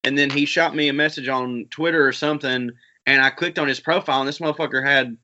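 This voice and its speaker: A man's voice: mid-range voice, steady tone, fast talker, sharp tone. A man hosting a podcast, chatting casually and telling rambling, profane stories. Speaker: podcast host. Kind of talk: casual chat. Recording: dull lo-fi sound.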